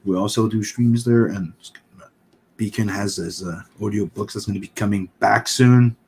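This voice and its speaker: A man's voice: on the low side, steady tone, moderate pace, darkish tone. Rambling male stream host. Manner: rambling, filler-heavy. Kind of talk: casual chat.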